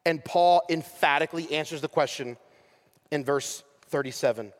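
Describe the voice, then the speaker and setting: A man preaching a sermon as pastor, swelling to impassioned peaks and falling to soft, slow pauses. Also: a little high. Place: church sanctuary. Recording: long reverb of a large hall.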